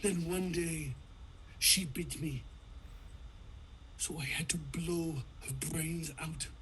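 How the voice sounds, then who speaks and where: A man acts out a gloomy, philosophical policeman in a comedic table read. He delivers a slow, grave, deadpan monologue in a high voice. A faint hum runs underneath.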